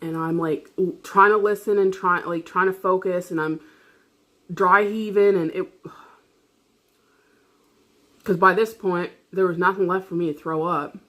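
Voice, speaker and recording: A woman's voice: fairly low pitch, fairly even intonation, unhurried, long pauses, fairly bright tone. A woman vlogger telling a personal story in casual chat, rambling, swearing freely and laughing often.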